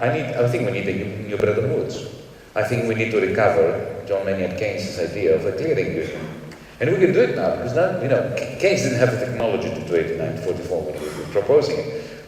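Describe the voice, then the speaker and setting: A man from Greece answering as a panel guest in a deliberate, emphatic, professorial way. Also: lowish voice, darkish tone, a little hiss or hum. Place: large conference hall. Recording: echoey hall from far off.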